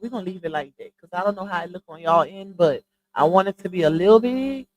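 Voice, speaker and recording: This livestream host is a woman with a lowish voice who talks quickly, and the recording quality is low. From home, she runs a casual gossip commentary stream through earphones with a mic, addressing viewers straight on as "y'all" and "child."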